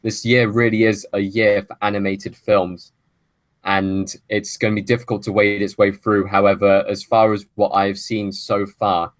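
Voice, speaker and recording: A man's voice: fairly low pitch, flat delivery, normal speed, no room sound. A man hosting a film podcast, making long opinionated arguments in casual chat. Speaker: podcast host.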